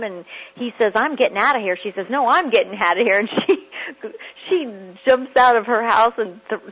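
Husky woman giving motivational radio talk. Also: medium pitch, highs cut off. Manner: emphatic, repeats phrases for effect.

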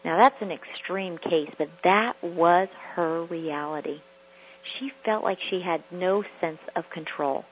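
Emphatic motivational radio host, woman, low husky voice, muffled broadcast sound. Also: unhurried, slight background noise. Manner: emphatic, repeats phrases for effect. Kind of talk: motivational talk.

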